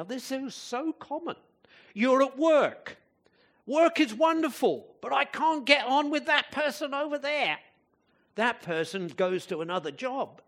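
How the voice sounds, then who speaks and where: A man's voice: sits high, fairly bright tone, slightly rough. A man preaching a sermon in a conversational way, often asking the listeners rhetorical questions, with occasional emphatic bursts.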